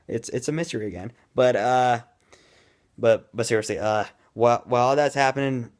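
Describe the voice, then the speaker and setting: A man giving a casual, rambling movie review in an excitable way, admitting he talks too fast. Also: mid-range voice.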